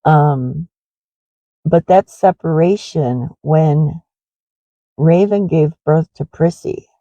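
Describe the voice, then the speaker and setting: A woman's voice: low voice, takes it slowly, dark tone, no room sound, rough recording. A middle-aged woman who runs a horse ranch, rambling in a confessional way with many fillers in a casual walking vlog.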